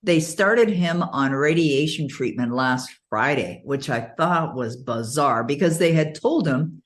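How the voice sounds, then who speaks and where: A middle-aged woman giving an interview, telling stories in a lively way and often laughing as she talks. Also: deep voice, unhurried, few pauses. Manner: animated storytelling, frequent laughs. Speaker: interview guest. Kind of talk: casual interview conversation.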